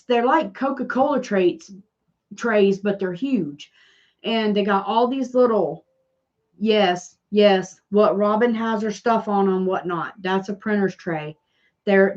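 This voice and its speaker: A Southern woman chats slowly through a crafting livestream. She rambles from topic to topic and answers viewers' comments. Her voice sits at a middling pitch, and the audio is a little dull and lo-fi. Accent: Southern American. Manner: rambling, chatty, reads and answers live comments. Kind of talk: casual livestream chat.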